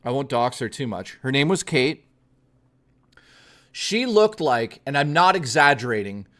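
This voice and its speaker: A man's voice: on the high side, fairly bright tone. A male streamer telling a story to his live chat in a blunt, profane, chatty way, speaking straight to his viewers.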